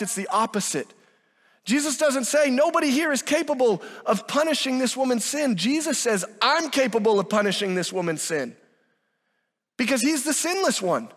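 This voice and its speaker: A man's voice: very high-pitched, a bit bright, long reverb tail. A man preaching a sermon with emphatic delivery, acting out quoted dialogue. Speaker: pastor.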